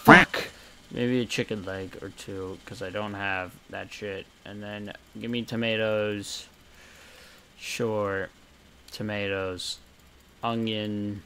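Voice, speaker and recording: A man's voice: fairly low pitch, steady tone, takes it slowly, slight background noise. Sweary young man muttering over gameplay. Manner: chaotic and sweary, muttering asides with sudden loud outbursts. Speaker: gameplay commentator. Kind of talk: casual gameplay commentary.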